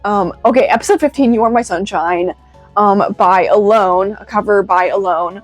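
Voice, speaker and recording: A woman giving a casual, excitable video review, rambling with many "like" fillers. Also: medium pitch, normal speed, soft background music. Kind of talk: casual commentary.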